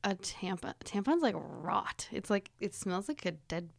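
A woman's voice: medium pitch, sing-song, a little slow, vocal fry, no echo, studio quality. A woman hosting a comedy podcast, chatting casually and laughing as she retells things. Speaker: podcast host. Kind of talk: casual chat.

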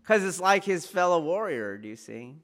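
A man teaching martial arts students in an informal, rambling lecture, often laughing and checking whether they follow, growing loud when he presses a point. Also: high voice, sing-song, normal speed. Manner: rambling, laughs often, asks "do you see?".

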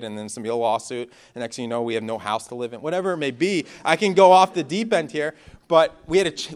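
A young pastor with a mid-range voice preaches in a conversational, animated way. He tells personal stories and moves between loud and hushed passages.

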